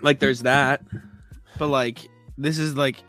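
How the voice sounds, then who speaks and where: A sniffly man co-hosting a casual sports chat, talking in a halting way and clearing his throat often. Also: mid-range voice, fairly even intonation, fairly bright tone, faint music behind. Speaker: co-host of a sports talk stream.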